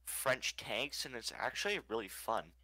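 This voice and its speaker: A man's voice: medium pitch, expressive, normal speed, pushed and bright, no echo, rough recording. A man chatting casually with a streamer over game voice chat, teasing him and gushing about tanks. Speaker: fellow player on voice chat.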